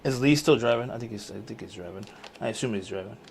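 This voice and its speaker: A man's voice: on the low side, fast, creaky, a little hiss or hum. A man hosting a casual live stream at home, rambling with many fillers and restarts.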